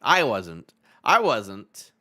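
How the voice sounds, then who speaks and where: An excitable man hosts a live manga reaction stream. His voice is bright and forward, and it swings widely in pitch as he reads panels aloud and laughs through his jokes. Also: drawn-out words. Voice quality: voice clear, no longer hoarse.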